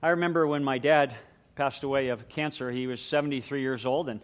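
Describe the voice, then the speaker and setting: Earnest middle-aged pastor preaching. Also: male voice, mid-range voice, steady tone, a little fast. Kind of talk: sermon with prayer.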